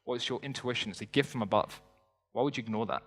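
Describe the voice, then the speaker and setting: A young man rattles through a motivational stage talk at a brisk clip. He stays energetic and conversational and tosses joking asides to the crowd. His voice rings out with a long reverb in a big hall. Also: medium pitch. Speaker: motivational speaker. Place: stage before a live audience in a large hall.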